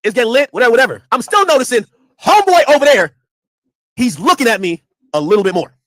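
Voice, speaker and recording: Animated fast-talking man telling a story. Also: very high voice, dry recording, clean studio sound. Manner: animated, profane, acts out quotes. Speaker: streamer and commentator. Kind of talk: casual storytelling and reaction commentary.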